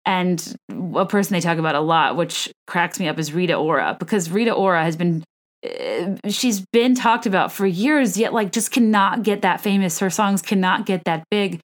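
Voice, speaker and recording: A woman's voice: lowish voice, normal speed. A woman hosting a solo podcast, chatting about celebrity gossip in a rambling way with many asides. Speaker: podcast host.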